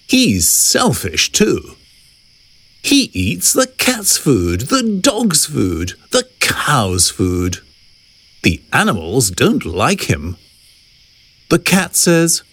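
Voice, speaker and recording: A man reading a simple children's story aloud in a deliberate, expressive way. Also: medium pitch, dry recording. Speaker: storybook reader.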